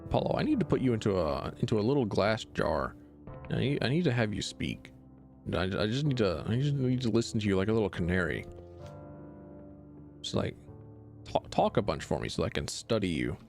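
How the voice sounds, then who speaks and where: A man with a lowish voice chats loosely during a game stream. His speech swings widely up and down, full of stammered restarts and offhand jokes. Soft game music sits faintly underneath. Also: big pitch swings, fairly quick, vocal fry. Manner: rambling and stammering, with frequent restarts and jokey asides. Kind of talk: casual let's-play commentary.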